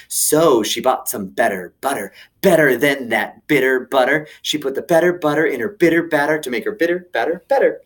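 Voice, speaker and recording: Playful, lively-voiced man teaching kids. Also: medium pitch, normal speed, few pauses. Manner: enthusiastic, playful, talks to kids directly. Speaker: children's teacher. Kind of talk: children's video lesson and read-aloud.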